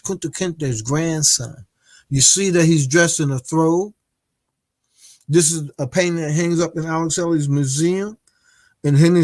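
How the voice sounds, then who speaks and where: A man with a somewhat high voice gives a lecture on religious history, hesitating often with filler pauses and restarting his sentences. The recording is dry and close, with no room sound.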